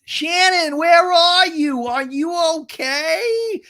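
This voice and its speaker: A man voicing a jumpy reality-show woman who squeals her words, shrill and drawn out. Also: expressive, slow, sharp tone, full character voice. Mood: alarmed.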